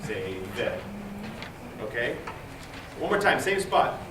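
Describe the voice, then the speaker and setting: High, lively choir director in an echoey room. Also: male voice, normal speed, far from the mic, heavy background noise. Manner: coaching and counting in beats, jokey asides. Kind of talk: rehearsal instruction. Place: large rehearsal room. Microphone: distant room mic. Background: choir singing.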